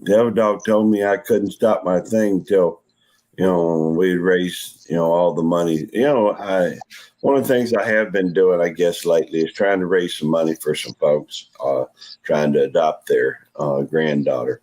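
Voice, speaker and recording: A man with a very low voice chats on a livestream. He rambles on in a friendly way and teases the people he talks with. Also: moderate pace, a little mellow, rough recording. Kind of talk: casual livestream chat.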